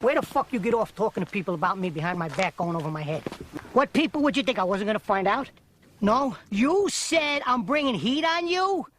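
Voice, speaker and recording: A woman's voice: medium pitch, lively intonation, brisk, a bit bright, a little hiss or hum, natural voice. A woman voicing a furious, foul-mouthed male mob boss in a comedic fan dub, ranting and threatening nonstop. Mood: enraged. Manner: profane, threatening rant.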